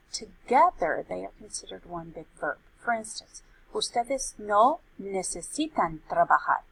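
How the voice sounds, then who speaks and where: A woman as a Spanish teacher, explaining grammar in a clear, explanatory tone and reading example sentences aloud. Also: medium pitch, a bit bright, low-quality recording. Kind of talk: recorded grammar lesson.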